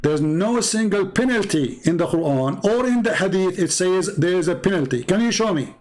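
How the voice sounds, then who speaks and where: Debater, man, high voice, insistent and repetitive. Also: animated, a little mellow. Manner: insistent, repeats himself, reads Arabic text aloud quickly. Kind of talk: heated live debate.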